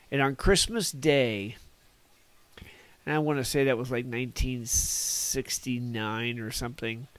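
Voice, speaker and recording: A man's voice: mid-range voice, dry recording. A man in his sixties from Northern California, a podcast guest telling old stories in a rambling, folksy way and chuckling at his own tales. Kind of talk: casual reminiscing storytelling.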